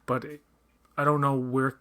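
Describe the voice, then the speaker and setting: A man's voice: medium pitch, little pitch movement, a bit bright. Rambling man with a light Newfoundland accent. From Newfoundland, Canada. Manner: rambling, self-deprecating, quick to laugh. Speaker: podcast guest. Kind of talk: casual fan commentary chat.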